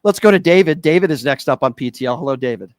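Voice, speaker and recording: A man's voice: on the high side, animated, fast talker, no room sound. A man hosting a call-in radio show, mocking and insulting his callers as he talks over them. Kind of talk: combative call-in radio talk.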